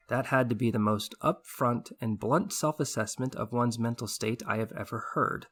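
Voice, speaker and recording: A man narrating a first-person audiobook in a steady, measured read. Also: mid-range voice.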